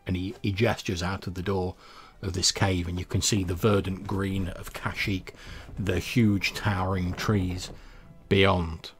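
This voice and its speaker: A man as game master, narrating a tabletop game with halting restarts. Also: low voice, little pitch movement, slightly rough, faint music behind.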